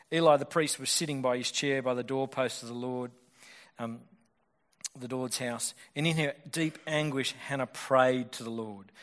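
A man's voice: medium pitch, a bit bright. A man preaching a sermon in a conversational way, acting out the voices of the people in the story.

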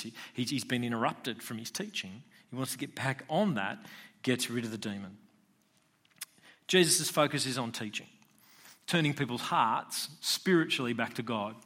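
A man's voice: medium pitch, bright, forceful tone. A man preaching a sermon in a conversational style, posing rhetorical questions to his listeners. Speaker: pastor.

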